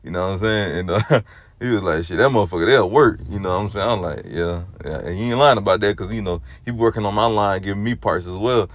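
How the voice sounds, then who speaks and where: A man giving a casual spoken religious exhortation. He rambles and leans on fillers like "you know" and "or whatnot", moving between low, subdued stretches and loud, animated bursts. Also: quick pace. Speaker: lay religious teacher.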